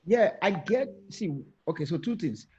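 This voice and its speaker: A man's voice: high-pitched, expressive, normal speed, darkish tone, highs cut off. A man arguing his point on a video panel discussion, emphatic and direct, often repeating phrases and challenging listeners. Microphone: video call.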